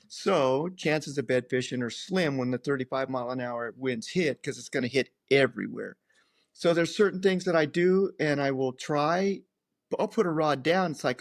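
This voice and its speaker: Older male guest, casual storyteller, lively voice, recorded dry. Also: a little high, moderate pace, no echo. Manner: rambling, animated, acts out others' lines. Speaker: guest, professional angler.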